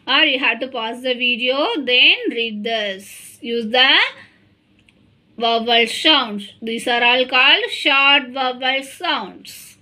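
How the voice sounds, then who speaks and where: A woman's voice: fairly high pitch, steady tone, slow, sharp tone. A woman with an Indian English accent teaching a phonics lesson to children, saying each word twice and calling them "my dear children".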